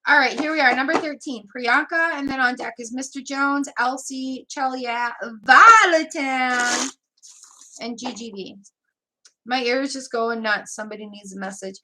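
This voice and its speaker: A woman's voice: fairly high pitch, normal speed, bright, forceful tone, a little hiss or hum. A woman giving a live tarot reading, chatting casually and laughing often. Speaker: tarot reader.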